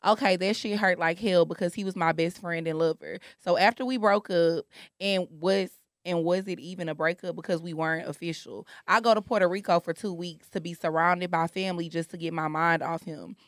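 A woman co-hosting a casual chat podcast, reading a listener's email aloud in a blunt, animated way. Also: on the low side, a little fast, dry recording, studio quality. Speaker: podcast co-host.

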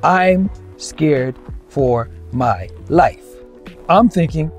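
Young Canadian man, comic monologue, lively sing-song delivery, faint music behind. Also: fairly high pitch, takes it slowly. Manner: animated, acts out the people in his stories. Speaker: storyteller.

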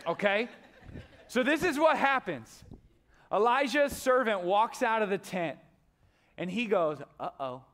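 A man preaching a sermon in a noticeably high voice. He tells the story with animated energy and breaks into sudden loud, high-pitched outbursts when he acts out the characters. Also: measured pace, long pauses. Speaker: pastor. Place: church stage.

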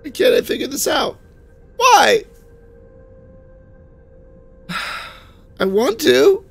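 A man's voice: very high voice, big pitch swings, a little slow, vocal fry, soft background music. A sick, tired man swearing and ranting at the game he is playing in a casual commentary. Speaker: let's play gamer.

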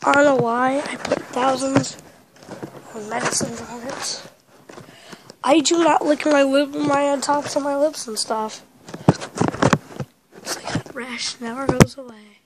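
A woman's voice: high voice, fairly even intonation, a little slow, long pauses, background noise. A woman chatting casually in a vlog, rambling and talking with a stuffy, congested nose from a cold. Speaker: vlogger.

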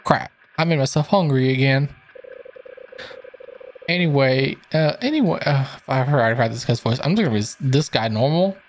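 A man's voice: medium pitch, normal speed. Casual young male gaming narrator, rambly, self-deprecating, faint background hum. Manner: chatty, self-mocking, trailing off mid-sentence. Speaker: gaming video creator. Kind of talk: casual gameplay commentary.

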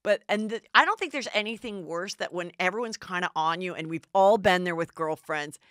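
A woman's voice: fairly low pitch, fairly quick, a bit bright, dry recording, studio quality. A middle-aged woman hosting a podcast, recapping gossip in a chatty way and acting out the quotes in put-on voices. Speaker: podcast host.

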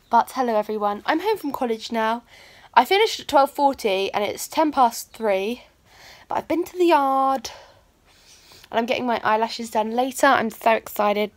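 A young woman vlogging casually, chatty and self-mocking, talking into a phone camera. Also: a little high. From United Kingdom. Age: young adult. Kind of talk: casual vlog chat.

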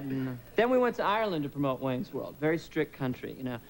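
Comedian guy on a talk show, high lively voice, tosses in quick voices, hissy tape. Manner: animated storyteller slipping into quick voices. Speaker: guest comedian. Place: TV studio with audience.

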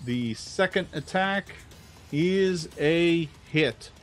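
A man narrating as game master in a relaxed, joking way, with many fillers. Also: on the high side, extremely slow, music in the background.

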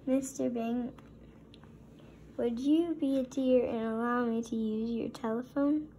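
A woman's voice: a little high, takes it slowly, warm tone, a little hiss or hum. A woman voicing a small, proud male donut who is polite, dramatic and easily alarmed. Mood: sweetly polite.

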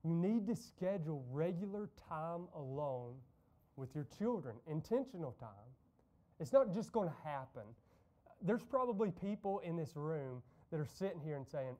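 A man's voice: a little high, animated, moderate pace, dark tone, highs cut off. A man preaching a conversational sermon in a church, telling stories and making casual asides to the congregation. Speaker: pastor. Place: church sanctuary.

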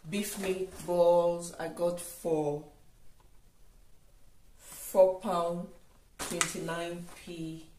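A woman talking casually through a grocery haul for her vlog, unhurried and thinking aloud with frequent ums and restarts. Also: on the low side, level tone, dark tone, slight background noise. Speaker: vlogger. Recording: echoey room, voice a bit far from mic.

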